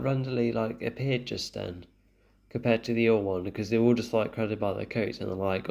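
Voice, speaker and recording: A man, voice sitting low with a gravelly edge. He reacts to a show in casual commentary, thinking aloud as he goes. He stops and restarts often with ums. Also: fairly even intonation, fairly quick, a little mellow. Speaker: reaction video host.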